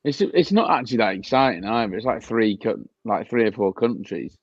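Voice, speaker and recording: A man giving brief, low-key answers in a casual live-stream chat. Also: lively intonation, a little fast, dry recording, dull audio.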